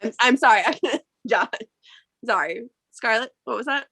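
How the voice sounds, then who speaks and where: A woman running a tabletop game as game master, narrating over an online call in an unhurried, giggly way. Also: a little high, pushed and bright, poor audio. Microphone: online call audio.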